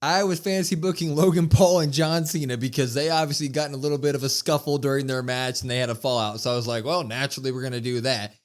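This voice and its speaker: Excitable man recapping wrestling. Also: a little high, quick pace, few pauses. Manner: excitable, acts out quotes with emphasis. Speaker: podcast co-host.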